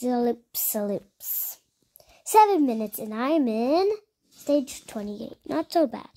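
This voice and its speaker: A woman hosting a casual gameplay video, her voice sitting a bit high. She talks at a slow, unhurried pace, playfully repeating words like small chants. Now and then she drops into a soft near-whisper. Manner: chatty, often dropping to a soft near-whisper. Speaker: gaming video host.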